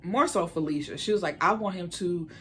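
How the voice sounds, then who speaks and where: A woman's voice: on the low side, a little fast, a bit bright, slight background noise. A woman giving a blunt, heated, opinionated recap of a reality show in casual commentary. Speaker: reality TV reviewer.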